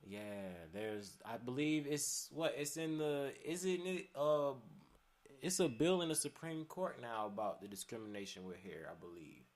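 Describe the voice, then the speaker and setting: A man's voice: mid-range voice, normal speed. A man chatting casually on a podcast, laid-back and profane, laughing often and talking with many fillers. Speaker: podcast guest.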